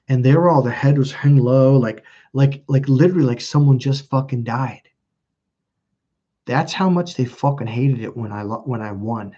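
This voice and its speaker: Guy ranting casually on a stream, lots of swearing, dark mellow voice, kinda muffled lo-fi audio. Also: medium pitch, a little fast, husky. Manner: swears freely, restarts sentences, emphatic. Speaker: self-help channel host. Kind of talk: casual livestream talk.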